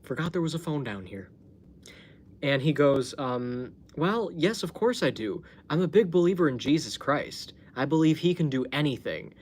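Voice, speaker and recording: A man's voice: on the high side, sing-song, moderate pace, breathy edge. Chatty man telling a story on a live stream. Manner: chatty, laughs often, swears freely. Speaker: livestream host. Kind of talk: casual storytelling livestream.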